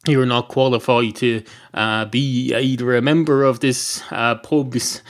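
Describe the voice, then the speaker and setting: A man's voice: mid-range voice, fairly even intonation, a little slow, lightly acted. A man voicing a blunt, sarcastic male barman refusing to serve a cat in a comic story. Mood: curt.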